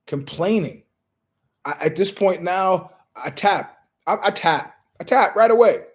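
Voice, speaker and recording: A man's voice: high-pitched, lively intonation, unhurried. A man hosting his own show, rambling through stories from his living room and acting out the voices of people he quotes. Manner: storytelling, acts out quoted voices. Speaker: show host. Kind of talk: rambling monologue.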